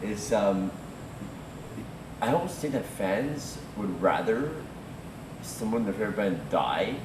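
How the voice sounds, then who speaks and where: A man with a lowish voice interviews a musician in a relaxed, reflective, conversational way. The room rings with echo, and a steady rumble of background noise runs under him. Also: a little slow. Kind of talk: casual interview chat. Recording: roomy, noisy with rumble.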